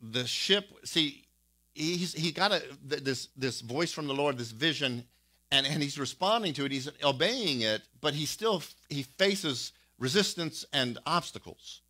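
Bright-voiced male pastor preaching. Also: fairly high pitch, unhurried. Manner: animated storytelling, reading old quotations aloud with fillers. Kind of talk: sermon.

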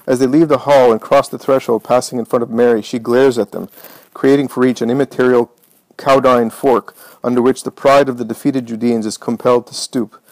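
A man narrating an audiobook in a measured, dramatic reading voice. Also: medium pitch, steady tone, darkish tone, no echo, rough recording. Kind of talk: scripted narration.

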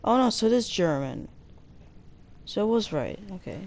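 A woman hosting a gaming channel, chatting casually as she plays, breaking into excited squeals and slowly sounding out foreign words. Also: mid-range voice, gravelly. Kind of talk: casual gameplay commentary.

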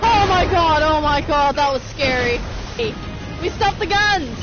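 A woman streaming a video game, reacting excitably, swearing often and mocking herself. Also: high-pitched, a little slow. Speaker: gaming streamer. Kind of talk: let's play reactions. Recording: slightly dull stream audio with game music. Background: game music.

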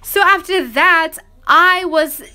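A woman's voice: very high voice, slow pace, sharp tone. A young woman telling a casual gaming storytime, rambling with many fillers and restarts and acting out what people said. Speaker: gaming vlogger.

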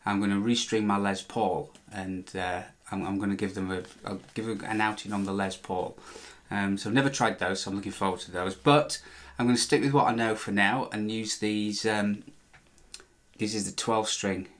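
Chatty man, low voice. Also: steady tone, moderate pace, fairly bright tone. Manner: chatty, meandering, self-correcting, dry joking. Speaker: vlogger restoring a guitar. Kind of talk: casual talk while working.

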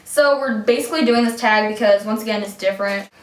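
A woman's voice: a little high, fast talker, recorded from a distance. A young woman guest chatting casually and playfully, laughing often. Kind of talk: casual chat. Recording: echoey room.

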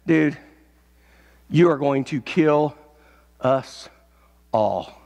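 A man preaching voices a frightened, weary King Saul, speaking low and dragging. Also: extremely slow, gravelly, a little mellow, heavily acted. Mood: despairing. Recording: echoey church hall.

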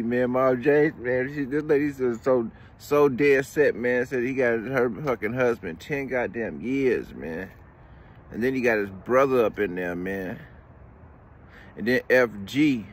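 A man's voice: medium pitch, measured pace, slight background noise. A man ranting casually as a commentary vlogger, heated and profane, tagging lines with "man". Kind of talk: casual rant.

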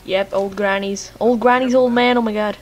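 A young woman with a Lithuanian accent, a native Lithuanian speaker, does let's-play commentary as a gamer, loudly laughing, giggling, swearing and joking at the screen. Her voice is medium-pitched with fairly even intonation at a normal speed. Soft music plays in the background.

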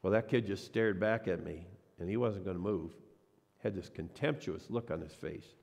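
Gravelly-voiced pastor preaching in a reverberant church. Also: male voice, deep voice, normal speed, darkish tone. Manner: storytelling preacher, acts out quoted voices. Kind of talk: sermon. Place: church sanctuary.

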